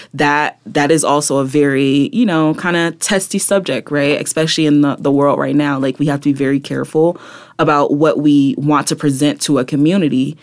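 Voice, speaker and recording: A woman guest, a poet and activist, talking reflectively in an interview, often tagging her thoughts with "right?" and "like". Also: low voice. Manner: reflective, many fillers like "like" and "right?". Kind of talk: conversational interview.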